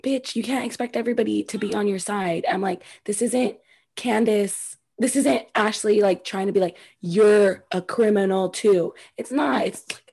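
A woman's voice: mid-range voice, gravelly, a little mellow, slightly rough. A woman co-hosting a casual chat, working through her opinions with hedges and restarts. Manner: thoughtful, hedging, halting restarts. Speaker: podcast co-host.

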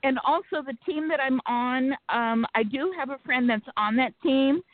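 A woman calling in to a talk show, telling her story in an earnest, frustrated way with many fillers and pauses. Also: high voice. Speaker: caller. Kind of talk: phone-in storytelling. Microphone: telephone. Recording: phone line.

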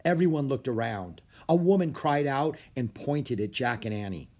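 A man narrating a children's storybook aloud, expressive and animated. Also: mid-range voice, normal speed.

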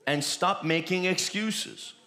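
A man's voice: sits high, slow pace, sharp tone. A man preaching a sermon, with emphatic, repetitive declarations that rise in bursts.

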